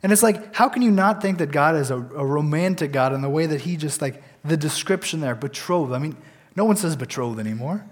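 A man's voice: a little high, expressive, brisk, long reverb tail. A young man talking casually and earnestly about faith, reading scripture aloud and telling a personal story, with frequent restarts and fillers.

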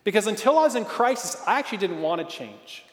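A high-voiced man in his thirties preaches in a loose, chatty way, full of fillers and little acted-out quotes. His voice rings through a large hall with a long echo. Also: sing-song, quick pace. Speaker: pastor. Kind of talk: sermon. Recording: echoey hall reverb.

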